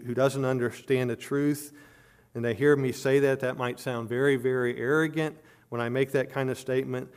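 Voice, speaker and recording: A man's voice: darkish tone, clean tone. Earnest male preacher, emphatic. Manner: earnest preaching with frequent word repetitions and restarts; rises in pitch and volume on emphatic points. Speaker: pastor. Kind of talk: sermon.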